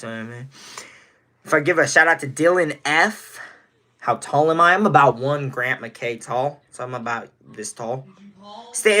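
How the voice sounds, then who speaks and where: He's a nineteen-year-old streamer from Indiana, USA, with a sharp-toned, mid-range voice. Chatting casually, he rambles and says hello to people in his chat by name.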